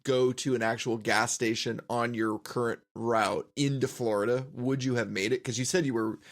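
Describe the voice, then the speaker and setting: A man's voice: medium pitch, steady tone, moderate pace. A man hosting a podcast interview, asking probing follow-up questions. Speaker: podcast host.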